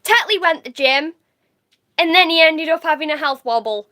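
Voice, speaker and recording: A woman's voice: high-pitched, lively intonation, normal speed, pushed and bright. A woman from the UK chatting on a livestream, reading out comments, laughing easily and swearing casually. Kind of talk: casual live-stream chat reading comments.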